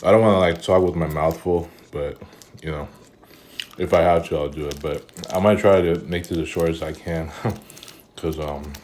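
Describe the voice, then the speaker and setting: A man with an extremely deep, low voice talks his way through a casual vlog, tired and rambling, circling back on himself with lots of fillers. He chews and eats between sentences. A faint hum sits under the recording. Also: fairly even intonation, moderate pace, darkish tone. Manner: weary, rambling, many fillers and restarts; eating while talking. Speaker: vlogger.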